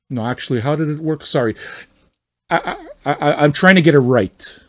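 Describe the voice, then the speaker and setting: A man's voice: a little high, normal speed. A man hosting a casual talk show, telling a story in a sarcastic, rambling way with plenty of swearing and self-mockery. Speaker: podcast host. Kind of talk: casual comedic rant.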